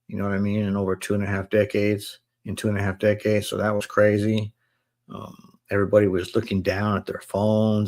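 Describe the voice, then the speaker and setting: A man in his forties with a low, gravelly voice tells his story in a casual, unhurried way. He drops relaxed slang and calls his listeners bro, as if he is chatting with friends on a live stream. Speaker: live stream host sharing his testimony.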